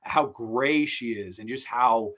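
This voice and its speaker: Excitable, foul-mouthed man reviewing films. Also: mid-range voice, takes it slowly. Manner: excitable, swears freely, retells scenes. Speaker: host of a horror movie review show. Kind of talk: casual movie review chat.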